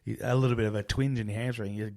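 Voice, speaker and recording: A young Australian man co-hosting a podcast, talking in a relaxed, chatty way about sport. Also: fairly low pitch, rapid-fire. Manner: relaxed, chatty wrestling fan talk. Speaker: podcast co-host. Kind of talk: casual chat.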